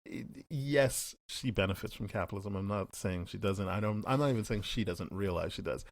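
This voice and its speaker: Podcast co-host, young man, low voice, dry close sound, lively retelling. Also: vocal fry, no echo. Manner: animated, acts out characters' lines in quick paraphrase. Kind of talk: casual chat.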